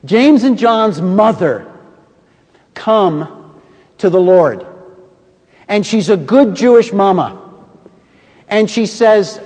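A man with a high, ringing voice delivers a sermon from the pulpit. He tells stories with drama, dropping to a hush and then building back up. A long hall reverb trails every phrase. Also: lively intonation, moderate pace, pauses often. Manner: storytelling, dramatic swings from booming to hushed. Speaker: preacher.

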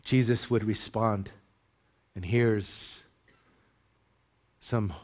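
A male pastor preaching to his congregation in church, moving from measured teaching into loud, high-pitched exhortation. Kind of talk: sermon.

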